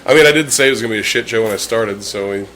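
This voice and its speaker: A man's voice: on the low side, racing, fairly bright tone, a little hiss or hum. A man hosting a casual podcast, rambling, swearing freely and laughing as he talks. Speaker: podcast host.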